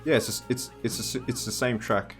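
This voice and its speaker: A man's voice: medium pitch, fairly even intonation, fast. A man from Massachusetts giving casual, rambling let's-play commentary and chatting to the animals on screen. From Massachusetts, USA. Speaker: gameplay commentator. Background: faint game soundtrack music.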